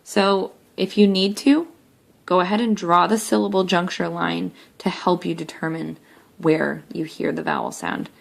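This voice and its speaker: A young woman teacher talking through a recorded spelling lesson, saying words slowly and clearly one at a time. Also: fairly low pitch, steady tone. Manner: slow, clear word-by-word demonstration.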